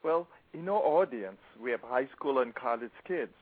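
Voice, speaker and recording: A man's voice: medium pitch, expressive, moderate pace. A man co-hosting a radio show, asking friendly, short questions of a guest. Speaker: radio co-host. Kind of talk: radio interview. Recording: tinny phone line.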